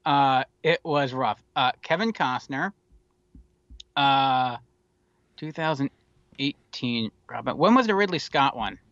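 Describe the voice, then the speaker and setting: Wry rambling man, bright dull-toned sound. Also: medium pitch, lively intonation, slow pace, long pauses, no room sound. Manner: rambling, wry and profane, with many fillers. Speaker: podcast co-host. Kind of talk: casual movie chat.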